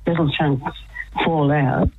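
An older woman telling her story as a radio guest, animated and laughing often. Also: sits low, takes it slowly, breathy edge, phone-quality sound. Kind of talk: casual phone-in chat.

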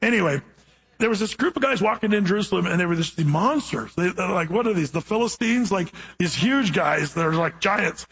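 A man preaching a sermon in a casual, storytelling way, reading scripture slowly and then chatting about it. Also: high voice, expressive, a bit bright, slightly rough. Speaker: pastor.

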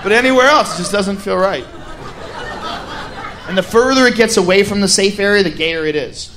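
Brief: young male stand-up comic, high voice, crude and animated, shouty bursts, noisy venue. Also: moderate pace, a crowd in the background. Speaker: stand-up comedian. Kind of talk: stand-up routine. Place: comedy stage before a live audience.

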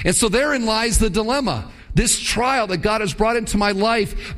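A man's voice: fairly high pitch, lively intonation, normal speed, hardly any pauses, a bit bright. A man preaching a sermon as a church pastor, with a conversational style, asking the congregation rhetorical questions and building to emphatic points. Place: church service.

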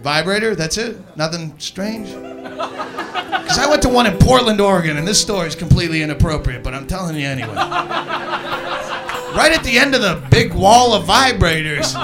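A man's voice: high voice, big pitch swings, moderate pace, loud music behind the voice. A man doing crowd work in a stand-up set, teasing audience members and telling a rowdy story. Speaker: stand-up comedian.

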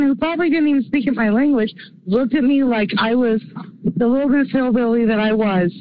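A woman's voice: a little high, no room sound. A woman from Oklahoma leaving a rambling, self-mocking voice message for a radio show. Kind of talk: casual voicemail story. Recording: muffled phone-app message.

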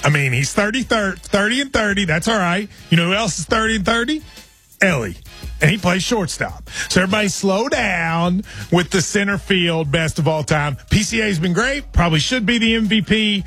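A man's voice: high-pitched, slightly rough, faint music behind. A man co-hosting a sports radio show, joking and bantering with his partner. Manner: lively, joking, quick asides.

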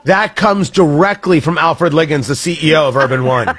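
A man's voice: on the high side, normal speed, a bit bright, slight background noise. A man hosting a radio show with a Midwestern accent, joking and laughing at himself through on-air banter. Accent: American Midwest. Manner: joking, self-deprecating, laughs often. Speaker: radio host.

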